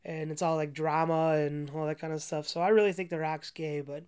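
A woman's voice: deep voice, steady tone, normal speed, mellow, smooth. A woman ranting casually about a movie, rambling with constant "like" fillers, profanity and frequent laughs.

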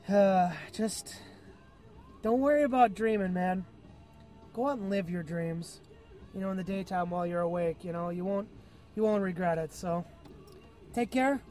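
A man's voice: sits high, unhurried, long pauses, mellow, soft background music. A man hosting a comedic vlog from a car, rambling in a laid-back way with lots of fillers. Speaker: vlog host.

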